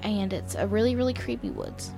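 Lady cohosting a podcast, giggly, rambly, mid pitch, faint music under it. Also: lively intonation, fairly quick, gravelly. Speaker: co-host. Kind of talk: casual podcast chat.

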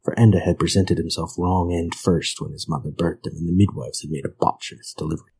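A man reading a grim old folk tale aloud in a measured, grave manner. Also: deep voice, steady tone, darkish tone, husky, poor audio. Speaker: narrator.

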